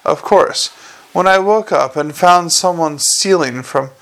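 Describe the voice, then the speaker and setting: A sardonic, gruff watch commander drips mock courtesy in a gravelly voice, as a man reads him aloud. His tone stays a little high and sly. It is a storybook figure full of dry menace. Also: a little slow, a bit bright. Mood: sarcastic. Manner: mock-innocent sarcasm with a snarling edge.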